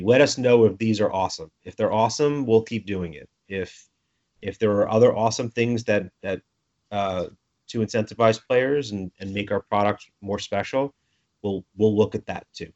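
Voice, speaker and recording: A man's voice: lowish voice, moderate pace, a little mellow. A man with a Brooklyn accent, interviewed about the game he designs, thoughtful and joking, often restarting his phrases. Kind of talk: conversational interview. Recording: lo-fi audio.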